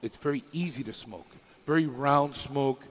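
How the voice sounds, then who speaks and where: Bright-voiced, boisterous radio co-host man. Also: medium pitch, moderate pace, in a large hall, dull audio. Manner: boisterous, teasing, mock-exasperated. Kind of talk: casual radio banter. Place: radio studio.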